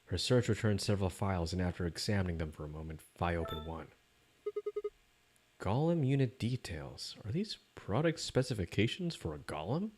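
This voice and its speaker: A man's voice: low-pitched, expressive, normal speed, a little mellow, slight background noise. A young man casually playing through a game on a live stream, joking and reading character lines aloud into a desk mic. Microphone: desk mic with static.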